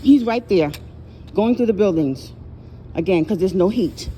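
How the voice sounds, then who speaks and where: A woman's voice: medium pitch, animated, unhurried, dark tone, slight background noise, low-quality recording. A tired woman walking with a cane outdoors among housing buildings, vlogging on her phone and indignantly repeating her complaints. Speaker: public housing tenant. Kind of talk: casual vlog filmed on a phone. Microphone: handheld phone.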